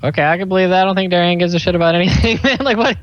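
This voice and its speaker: A man's voice: high-pitched, very fast, a bit bright, dry recording. A man from the American South with a Southern drawl, a podcast guest talking in a laid-back, offhand way. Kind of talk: casual podcast chat. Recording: dull lo-fi voice line.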